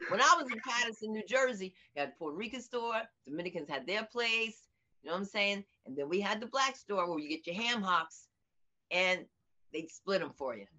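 Outspoken middle-aged woman comedian, bright tone. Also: medium pitch, brisk, a little hiss or hum. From United States. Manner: animated, outspoken storyteller. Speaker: stand-up comedian and comedy teacher. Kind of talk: conversational interview over video. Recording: dull lo-fi audio.

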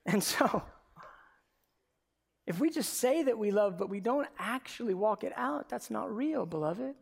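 A man's voice: high voice, animated, unhurried, gravelly, breathy edge. Man preaching a dynamic sermon. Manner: dynamic preacher who swings between hushed storytelling and loud emphatic exhortation. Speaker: pastor.

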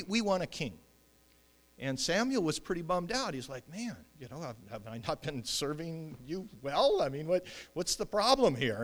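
Animated preacher man in an echoey hall. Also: a little high. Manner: conversational preaching with many fillers and restarts. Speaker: pastor. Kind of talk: sermon.

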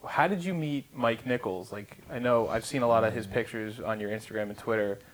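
A man's voice: on the low side, a little fast, poor audio. A man interviewing a guest, asking friendly, rambling questions.

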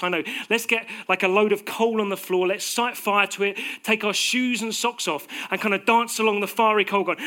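A man preaching a sermon in a conversational, animated way, acting out little quotes as he goes. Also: sits high, fast talker.

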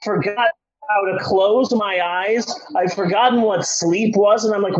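A man in his forties telling a rambling story in casual chat, animated, jumping into high panicked outbursts. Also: a little slow, low-quality recording. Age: 40s.

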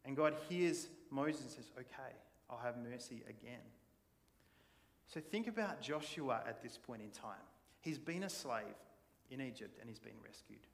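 A man preaching a sermon, telling the story in a casual, animated way and acting out the people in it. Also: mid-range voice, moderate pace, vocal fry. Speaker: pastor. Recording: long church hall reverb.

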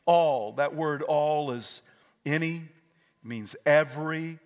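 A male pastor preaching a fervent sermon, moving between hushed talk and shouts and calling on the congregation to repeat after him. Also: fairly high pitch, slow, long reverb tail. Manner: calls on the congregation to repeat words. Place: church sanctuary.

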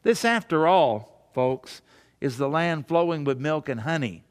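A pastor preaching a sermon in a conversational way, often putting rhetorical questions to the congregation. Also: male voice, a little high, animated, unhurried, big-room sound.

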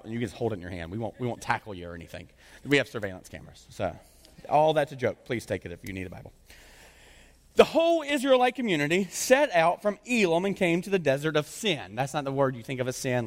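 A man preaching a sermon as pastor in a church, casual and joking in a conversational way. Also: medium pitch. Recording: long reverb of a large hall.

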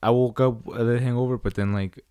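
A young man in casual chat with a friend, relaxed and slangy, adding short comments. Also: medium pitch, brisk, smooth, no room sound, clean studio sound. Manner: relaxed, slangy, chiming in briefly.

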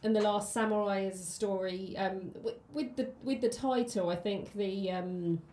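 A woman's voice: medium pitch, fairly even intonation, moderate pace, warm tone. A woman, co-hosting a casual film podcast and chatting with many ums and restarts. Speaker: podcast co-host. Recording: roomy echo.

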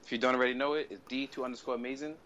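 A man co-hosting a podcast, teasing his partner in casual banter and laughing loudly. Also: medium pitch, fairly even intonation, rapid-fire, muffled recording, a little hiss or hum. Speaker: podcast co-host.

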